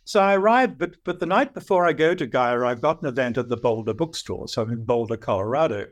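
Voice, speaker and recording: An older man with an Australian accent, a guest telling animated stories and acting out voices. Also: medium pitch, quick pace. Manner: lively anecdotal storyteller, acts out voices. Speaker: guest, dream teacher. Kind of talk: animated storytelling.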